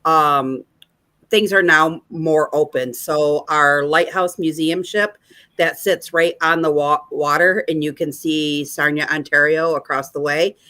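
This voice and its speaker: A woman's voice: low-pitched, fairly even intonation, unhurried, sharp tone. A woman from Michigan, a guest on a casual chat, talking enthusiastically and giggling often. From Michigan, United States.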